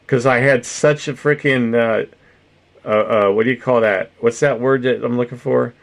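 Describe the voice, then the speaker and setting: A man's voice: mid-range voice, normal speed, creaky. A man chatting casually with viewers on a stream, rambling, swearing freely and laughing often, with no particular accent. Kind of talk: casual livestream chat.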